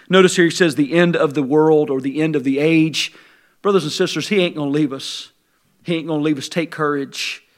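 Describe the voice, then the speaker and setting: A male pastor delivering a sermon in a church sanctuary, his voice pitched high and bright. He moves between quiet, intimate stretches and rising, shouted fervor. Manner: swings from hushed to shouted fervor.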